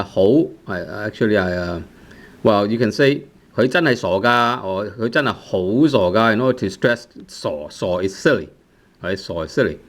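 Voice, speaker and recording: A man's voice: mid-range voice, a bit bright. Man teaching grammar. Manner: checks in with "right?" after nearly every phrase, with frequent "uh" restarts. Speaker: language teacher. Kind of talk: explaining grammar to learners.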